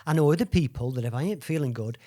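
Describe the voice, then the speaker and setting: A man's voice: fairly high pitch, expressive, fast talker, dark tone. A man hosting a podcast, speaking in casual conversation, earnest and reflective. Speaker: podcast host.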